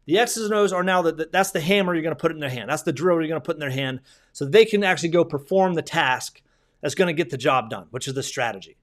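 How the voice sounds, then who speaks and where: A man's voice: fairly high pitch, fast talker. A male basketball coach giving a clinic lecture in a conversational way, repeating himself and restarting sentences often.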